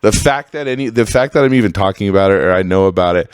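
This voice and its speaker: A man hosting a podcast in a casual, heated monologue, swearing freely and swinging between loud outbursts and low mutters. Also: fast, clean tone, no room sound, clean studio sound. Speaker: podcast host.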